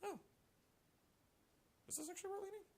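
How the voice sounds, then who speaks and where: A man reading a news article aloud and reacting to it with sarcastic, profane commentary and animated outbursts. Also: very high voice, normal speed. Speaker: political commentary vlogger.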